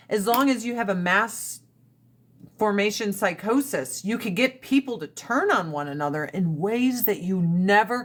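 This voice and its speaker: Woman on a phone livestream, swears a lot, blunt opinions, gets louder when she rants. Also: mid-range voice. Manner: blunt, profane and opinionated, rants with rising emphasis. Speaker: livestream host. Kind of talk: casual livestream chat.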